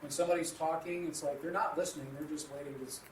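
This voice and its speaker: His voice is a little high, fast and fairly even in intonation. As co-host of a casual Christian radio discussion teaching a marriage class, he earnestly uses everyday examples, heard far from the mic in a noisy, echoey room.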